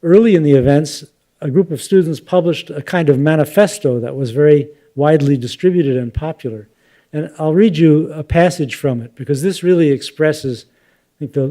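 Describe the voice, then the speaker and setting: An older man giving a relaxed academic lecture, thoughtful and unhurried, with fillers and asides. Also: fairly high pitch. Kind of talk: public lecture with slides.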